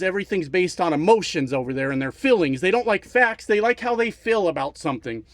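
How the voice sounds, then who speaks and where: Profane, heated man ranting, high voice. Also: expressive, fairly quick, hardly any pauses, dry recording. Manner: profane, heated, repeats for emphasis. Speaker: trucking YouTuber. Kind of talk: casual political rant.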